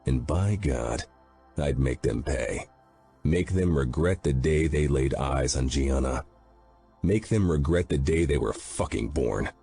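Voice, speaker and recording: A man with an extremely low, dark, husky voice narrates an audiobook in first person. His delivery is grim and brooding, with soft music playing underneath. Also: measured pace. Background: faint background music.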